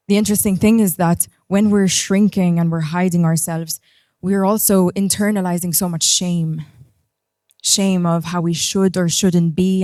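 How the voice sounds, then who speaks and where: A woman's voice: on the low side, a little mellow, no room sound, studio quality. A woman giving a personal keynote talk as a coach, speaking in an earnest, reflective way and guiding the audience through breathing.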